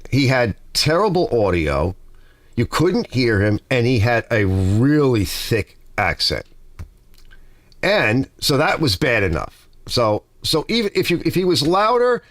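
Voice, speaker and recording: A man's voice: mid-range voice, big pitch swings, measured pace, a bit bright, no echo. A middle-aged man hosting a garage livestream, chatting casually, reading viewer comments and rambling through stories. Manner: rambling, talkative storyteller.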